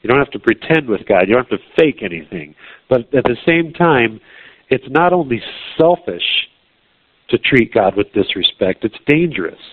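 A man's voice: mid-range voice, big pitch swings, moderate pace. A man preaching a sermon in a plain, conversational way, putting blunt questions to his listeners. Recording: tinny phone-like sound.

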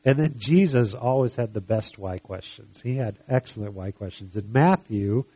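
A man's voice: on the low side, normal speed, dark tone, breathy edge, no room sound. A man preaching a sermon, reading scripture passages aloud and then asking the listeners searching questions. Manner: reads scripture aloud with rising emphasis, then asks reflective questions.

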